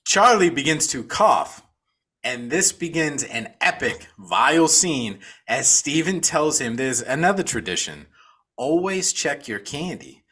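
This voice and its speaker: Man, podcast co-host, casual movie recap, animated pitch, bright tone, profane. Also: a little slow, slightly rough.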